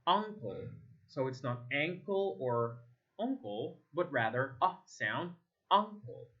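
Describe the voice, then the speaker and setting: A man from Egypt, a native Arabic speaker, teaching English pronunciation. He repeats single words slowly to contrast vowel sounds. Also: mid-range voice, very animated. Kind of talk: slow drilling of vowel sounds, repeat-after-me. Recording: slightly dull lo-fi sound.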